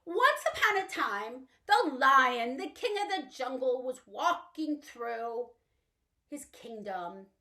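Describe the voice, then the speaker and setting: Animated woman reading children's storytime. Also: high voice, slow. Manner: sing-song, acts out animal sounds. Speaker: children's librarian.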